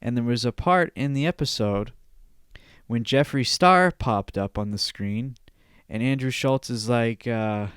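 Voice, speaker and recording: A man's voice: medium pitch, unhurried, smooth, no room sound, studio quality. Profane, rambling young male podcast host. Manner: profane, rambling, repeats himself. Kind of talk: solo podcast rant.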